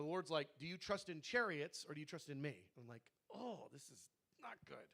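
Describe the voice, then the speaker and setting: Man, high voice, bright tone, animated testimony, acts out quoted dialogue. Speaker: prayer room leader. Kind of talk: personal testimony to a congregation.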